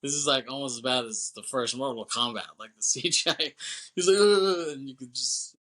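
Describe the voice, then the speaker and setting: A man's voice: medium pitch, a little fast, pushed and bright. A man co-hosting a podcast, retelling a movie's plot in a loose, rambling way, swearing freely and laughing as he goes. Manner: laughs often while talking. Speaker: podcast co-host. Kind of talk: casual movie recap chat.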